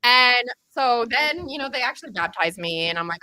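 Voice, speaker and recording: Fairly high-voiced and speaking at a moderate pace, this podcast co-host spins a crude comic tale in relaxed chat, doing the characters' voices with lots of energy. The recording is dry and rough.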